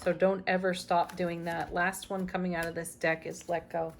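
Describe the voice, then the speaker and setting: A woman's voice: lowish voice, flat delivery, moderate pace, a little hiss or hum. A woman giving a daily tarot reading, speaking emphatically with spiritual encouragement and small laughs. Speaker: tarot reader.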